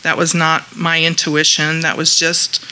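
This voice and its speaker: A woman sharing her experience at a support meeting in a chatty, animated way, quoting the people she talks about. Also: low voice, a little slow, rough recording. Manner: chatty, animated retelling with quoted voices. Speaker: group member sharing. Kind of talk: personal share at a support meeting.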